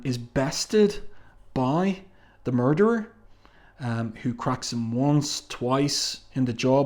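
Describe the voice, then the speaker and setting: A man's voice: medium pitch, darkish tone. A man casually reviewing a comic book and reading passages aloud, with frequent "um" fillers. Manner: chatty, with "um" fillers.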